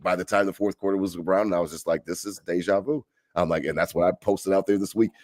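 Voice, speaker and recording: Low-voiced guy rattling off a story fast on a sports podcast, swears a lot, dry close mic. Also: no room sound. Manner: animated storyteller, swears, acts out arguments. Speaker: podcast co-host. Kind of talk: casual sports chat.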